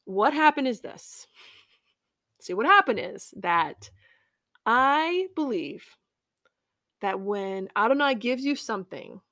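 A woman hosting a podcast, sharing a personal faith reflection in an earnest, heartfelt way, with pauses and fillers. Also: medium pitch, fairly bright tone, no echo, clean studio sound. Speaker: podcast host.

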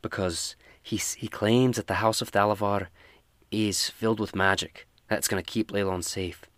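A man's voice: fairly low pitch, fairly even intonation, moderate pace, a bit bright, no echo, close to an everyday voice. A man voicing a suspicious female dwarf builder, speaking hesitantly. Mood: worried.

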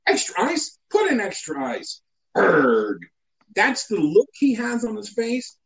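A man telling a comic story in a casual chat, animated and mock-indignant. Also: extremely high pitch, normal speed, low-quality recording.

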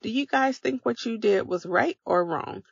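A podcast host with a gravelly, fry-tinged voice, a little high and at a moderate pace, coaches her listeners through simple steps in an encouraging, motivational talk. The recording is dry and close with no echo, and its tone is slightly dull and lo-fi.

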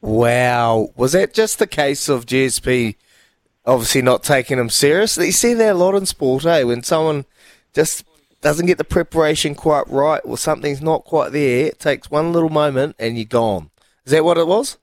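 A man hosting a sports talk radio show, chatty and matey with quick reactions. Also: on the high side, no room sound, studio quality. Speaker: radio host. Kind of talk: casual sports radio chat.

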